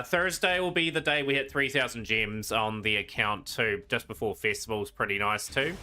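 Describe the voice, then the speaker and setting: A man casually commenting while he streams a card game, rambling and trailing off into quiet asides. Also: on the low side. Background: game music.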